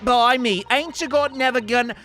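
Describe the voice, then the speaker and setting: A man's voice: fairly high pitch, sing-song, measured pace, a bit bright. Man putting on a tough young woman, slangy, bossy, cheeky, faint music behind. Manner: slangy, scolding, drops grammar. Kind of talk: game voice-acting in a let's play.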